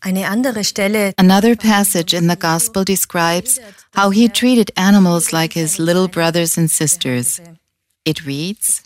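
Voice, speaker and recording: A woman reading passages of scripture aloud in a calm, measured, devout way. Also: lowish voice. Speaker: reader.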